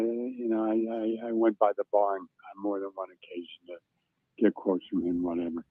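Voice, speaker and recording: A man, a former racing reporter, telling a lively story as a guest on a talk show and acting out the shouts he remembers. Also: medium pitch, dry recording. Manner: animated anecdotal storytelling, acts out shouts. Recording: dry tinny phone line.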